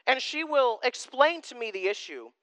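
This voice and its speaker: A man's voice: extremely high pitch, very animated, moderate pace, sharp tone, smooth, no room sound. A man in his thirties, a pastor giving a conversational sermon with self-deprecating humor.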